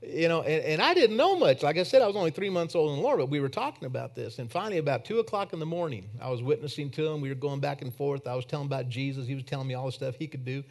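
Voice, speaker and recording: A man preaching a sermon in church, telling a personal story that swings from emphatic to hushed. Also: fairly high pitch, lively intonation, racing, few pauses.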